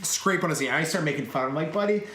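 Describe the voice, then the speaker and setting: A man's voice: a little high, fast talker, pushed and bright, echoey room. A young man from Canada co-hosting a podcast, telling crude rambling stories in casual chat and laughing often. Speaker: podcast co-host.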